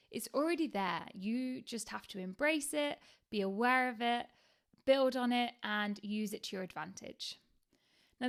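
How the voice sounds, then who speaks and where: A woman's voice: fairly high pitch, gravelly. A woman teaching an online writing lesson in a casual, candid way, dropping in fillers like "like" and "um". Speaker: writing instructor.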